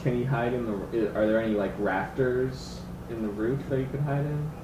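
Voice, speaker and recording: A man's voice: mid-range voice, fairly even intonation, normal speed. A man playing a tabletop game, asking hesitant questions. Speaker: player. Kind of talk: casual tabletop game chat. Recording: roomy, distant, noisy.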